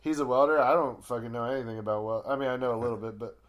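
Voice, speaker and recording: A man's voice: medium pitch, very fast, muffled recording. A man, a comedian, telling long rambling stories in casual podcast chat, full of fillers and swearing.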